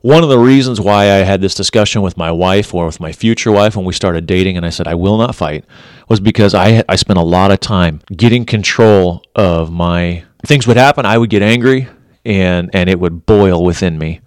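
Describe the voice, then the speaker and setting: A man's voice: deep voice, moderate pace, clean tone, dry recording, clean studio sound. A middle-aged man, a former police officer, giving blunt relationship advice and repeating his points for emphasis. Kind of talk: earnest direct-to-camera advice talk.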